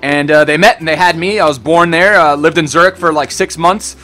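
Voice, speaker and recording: Chatty young man, bright voice, faint music. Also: on the high side, a little fast. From born in Switzerland, raised in Germany and the United States. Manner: rambling, laid-back, swears and says bro a lot. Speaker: YouTube gaming channel host. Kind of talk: casual Q&A chat to camera.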